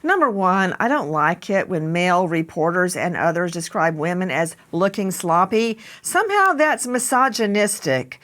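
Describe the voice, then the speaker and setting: A woman hosting a crime news show, emphatic and opinionated, often speeding up and slowing down. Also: on the low side, very animated, a bit bright. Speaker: host.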